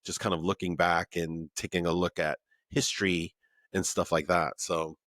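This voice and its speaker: A man in his thirties from the Pacific Northwest hosts a podcast in a deep, low voice. The sound is dry and close, and he asks friendly, rambling questions peppered with "like" and "man". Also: little pitch movement, moderate pace, a bit bright, no echo. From Pacific Northwest, USA. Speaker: podcast host. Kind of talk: casual remote podcast interview. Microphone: remote recording, podcast mic.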